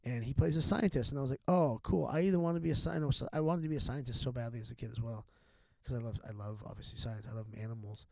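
A man's voice: mid-range voice, steady tone, very fast, gravelly, few pauses, darkish tone, no room sound. A middle-aged man talking as a podcast guest in a candid, casual chat, rambling and profane, with many restarts and fillers.

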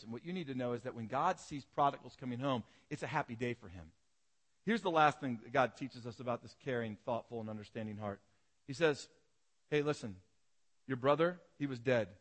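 A man's voice: medium pitch, fairly bright tone. A man preaching a sermon as pastor, telling stories animatedly and acting out the voices in them.

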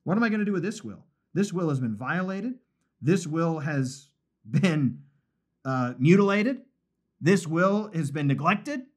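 A man's voice: on the high side, big pitch swings, measured pace. A man voicing a dismayed male God who mutters exasperated complaints. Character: dismayed God, male, fretting over a broken will.

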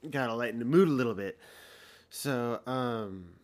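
A man in his thirties talks casually on a podcast, rambling through a story with frequent swearing. He gets heated and loud in places. His voice sits at an ordinary middle pitch. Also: moderate pace. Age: 30s. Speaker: podcast host.

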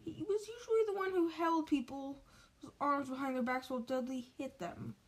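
A woman's voice: high voice, lively intonation, moderate pace. A woman reading a storybook aloud, with frequent stumbles and restarts.

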